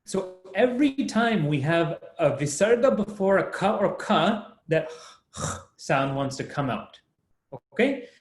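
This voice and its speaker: A young man leads an online lesson at an unhurried pace, breaking each point into patient steps and laughing easily as he goes. His voice sits a bit high for a man. The sound carries a clear room echo, as if picked up over a video call. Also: animated. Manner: patient, explains step by step, laughs often. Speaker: Sanskrit teacher. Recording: echoey room.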